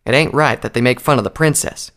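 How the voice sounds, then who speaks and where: A man's voice: medium pitch, fairly quick, fairly bright tone, close to an everyday voice. A man voicing a blunt, loyal female pony soldier who speaks in a folksy, plain way, in an audiobook reading. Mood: indignant. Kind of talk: audiobook character voice.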